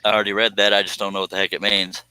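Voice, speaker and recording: A man's voice: lowish voice, level tone, very fast, pushed and bright, smooth, no room sound, poor audio. A man, hosting a casual livestream, joking around and reading viewer comments aloud. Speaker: livestream host.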